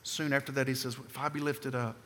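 A man preaching a sermon with emphasis, putting questions to the congregation and swinging between loud and soft passages. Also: mid-range voice, level tone, fast talker. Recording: long hall reverb.

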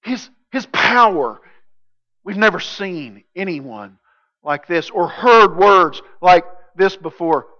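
A man preaching a sermon as pastor, emphatic, swinging from loud declarations to hushed intensity. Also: high-pitched, expressive, takes it slowly, highs cut off.

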